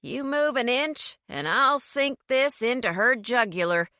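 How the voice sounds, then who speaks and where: A woman's voice: a little high, expressive, a little slow, bright, forceful tone, clean tone, no room sound, clean studio sound, pitched above the performer's own voice, heavily acted. Woman reading as a cold, menacing male criminal. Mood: threatening. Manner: curt, menacing, emotionless.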